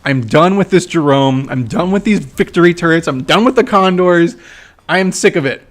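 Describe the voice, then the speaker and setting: Excitable young man breaking down a match. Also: fairly high pitch, moderate pace. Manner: excitable, swears, shouts when reenacting his trash talk. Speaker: gameplay commentator. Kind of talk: casual match breakdown commentary.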